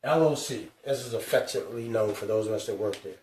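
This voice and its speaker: A man hosting a live financial talk, stressing each number slowly and calling out to his viewers. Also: lowish voice, a little mellow, far from the mic, slight background noise. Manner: emphatic, drawn-out numbers, calls out to viewers. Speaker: host. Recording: echoey room, speaker away from mic.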